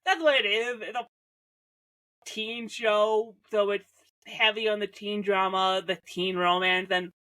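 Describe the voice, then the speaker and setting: Reviewing an old teen show, the young woman from Canada speaks at a measured pace with medium pitch and fairly even intonation, her tone bright and forceful. She's rambling and chatty, interrupting herself, overusing "like," and cracking jokes along the way.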